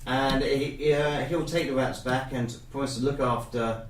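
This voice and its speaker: A man's voice: medium pitch, fairly even intonation, unhurried. A man narrating as game master of a tabletop game in a hesitant way, often laughing. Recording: distant echoey room with background noise.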